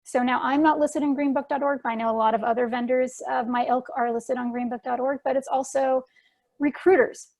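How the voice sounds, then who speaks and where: A woman's voice: sits high, fairly even intonation, a little fast, a little mellow. A woman answering questions at an online talk in a chatty way, with lots of fillers and restarts. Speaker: guest speaker answering questions. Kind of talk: casual conference Q&A.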